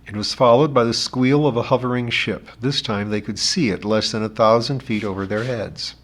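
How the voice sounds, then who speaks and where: A man narrating a novel in a steady, expressive reading voice. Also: medium pitch, moderate pace. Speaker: audiobook narrator.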